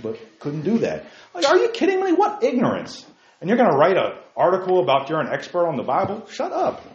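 A man leading a Bible study in a fiery preaching style, emphatic, firing off rhetorical questions and leaping to near-shouts. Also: medium pitch, slight background noise. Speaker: Bible teacher. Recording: roomy, dull lo-fi sound.

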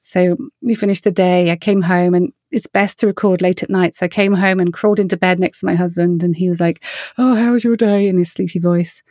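A middle-aged woman with an English accent, a worship singer answering interview questions with earnest, storytelling warmth. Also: fairly low pitch, fairly quick, hardly any pauses, no room sound, studio quality. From England. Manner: earnest, storytelling, animated when quoting others.

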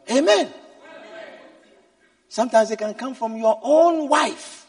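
A man preaching a sermon, swinging from quiet asides to shouted exhortations. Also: extremely high pitch, animated, measured pace, long pauses. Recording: echoey hall, mic at a distance.

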